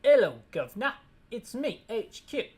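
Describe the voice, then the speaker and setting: A woman voicing a stiff, by-the-book male HQ radio operator, reading each line slowly and over-enunciated. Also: fairly low pitch, big pitch swings, husky. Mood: stiff, formal. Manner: slow, over-enunciated reading of game text.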